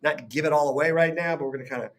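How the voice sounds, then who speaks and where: A man's voice: a little high, rapid-fire, a bit bright. A man co-hosting a live stream, chatting casually in a playful, teasing way. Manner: playful, teasing, laughs often. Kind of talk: casual banter.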